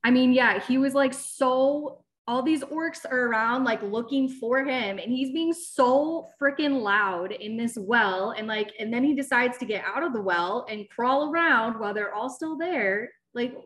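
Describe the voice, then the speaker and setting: A woman co-hosting a podcast, telling stories in an animated, exasperated way. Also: on the high side, unhurried, few pauses. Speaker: podcast co-host. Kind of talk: casual chat.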